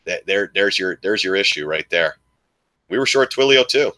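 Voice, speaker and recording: A man giving excitable live stock market commentary to his viewers, joking and swearing as he goes. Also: sits low, moderate pace. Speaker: stock trading streamer.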